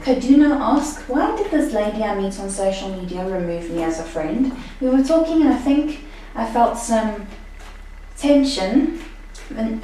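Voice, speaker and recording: A woman's voice: fairly high pitch, warm tone. A woman co-hosting a live stream, reading viewer questions aloud in a plain, matter-of-fact way. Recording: echoey room, mic far off, faint noise.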